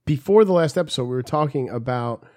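A man's voice: medium pitch, expressive, fast, a little mellow. A man in casual podcast chat, telling crude jokes and stories. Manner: crude, joking storyteller. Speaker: podcast co-host.

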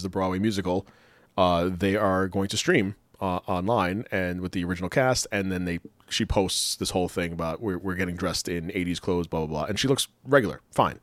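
A man co-hosting a casual chat show, rambling, excitable and laughing often. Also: low-pitched, no echo. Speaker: podcast co-host.

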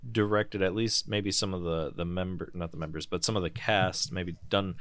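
A man's voice: low-pitched, fairly even intonation, moderate pace, a bit bright, smooth, no room sound. A man in a casual film chat, talking bluntly and swearing freely.

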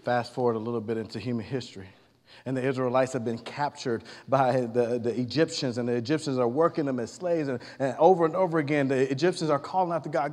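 A man's voice: medium pitch, fairly even intonation, fast talker, a little mellow. A man preaching a sermon, retelling the scripture stories in casual speech and acting out the characters' lines. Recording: long hall reverb.

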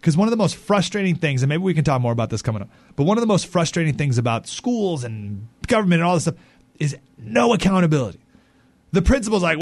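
A man hosting a talk radio show, giving animated, indignant commentary and acting out the people he quotes. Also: a little high, fast, dry recording.

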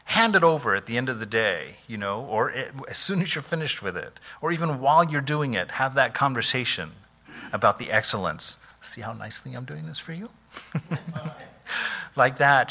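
A mid-range-voiced monk gives an informal spiritual talk in a conversational, animated manner, often saying "you know" and laughing softly.

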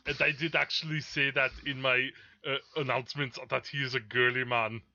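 A man putting on a deep, relaxed, exaggerated Austrian accent to impersonate a bragging action-star politician on a podcast. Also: brisk, dull audio. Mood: boastful.

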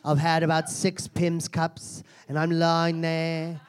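A crude, foul-mouthed self-help seminar guru in a live comedy act, a man putting her on. She mocks and insults her audience with theatrical scorn, in a voice pitched a touch higher than usual. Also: monotone, slow pace, smooth. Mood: brash. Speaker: comedian performing a character. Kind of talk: live stand-up character act.

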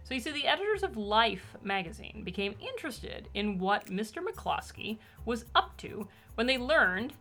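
A woman's voice: a little high, sing-song, moderate pace, hardly any pauses, fairly bright tone. A woman co-hosting a casual book podcast, wry and bookish, with dry jokes. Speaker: podcast co-host discussing a picture book. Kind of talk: casual chat.

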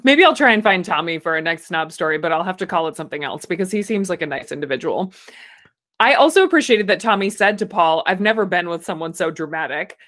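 A woman's voice: lowish voice, animated, fast, fairly bright tone. A woman co-hosting a podcast, chatting and laughing as she recaps a reality show from her notes. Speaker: podcast co-host.

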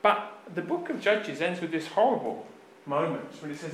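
A man preaching a sermon, retelling scripture as a lively story and acting out the quoted lines with sudden loud rises. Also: fairly high pitch, normal speed, reverberant, a little hiss or hum.

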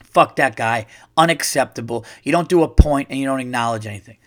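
A middle-aged man hosting a podcast, telling a comedic story in a profane, animated rant and acting out the quotes. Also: mid-range voice, a little fast. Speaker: podcast host. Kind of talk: ranting comedic monologue.

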